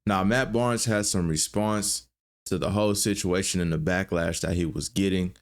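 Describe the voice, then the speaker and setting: A man's voice: low-pitched, steady tone, normal speed. A man hosting an online commentary video, steadily narrating a recap of a news story. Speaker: YouTube commentary host.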